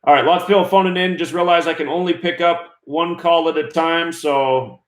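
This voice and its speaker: A slightly high-voiced man hosts a live call-in show, upbeat and brisk as he moves callers along. His voice rings with a roomy echo. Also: fairly even intonation. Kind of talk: live call-in radio chat.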